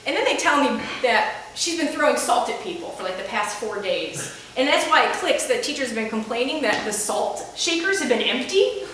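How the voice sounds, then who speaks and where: A woman tells a comic story live on stage before an audience, exasperated and self-mocking. Her voice is high and bright. The sound is very echoey and distant, with faint room noise behind her. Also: sing-song, moderate pace, hardly any pauses. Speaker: comedic storyteller. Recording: echoey room picked up from afar.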